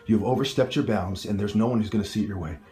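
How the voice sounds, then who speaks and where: A man's voice: on the low side, racing, dark tone, faint music behind. A man filming a heated family argument, talking in an insistent, lecturing way. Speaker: son filming an argument with his mother and police. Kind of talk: heated home recording.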